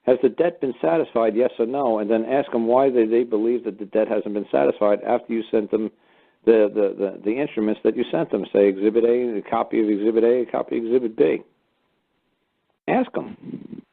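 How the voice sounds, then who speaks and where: Male call-in host: brusque, swearing lecturer, talks quickly, tinny phone-line quality. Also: mid-range voice, fairly even intonation, vocal fry. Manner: blunt, profane and lecturing. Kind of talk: call-in radio talk. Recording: phone-like narrow sound.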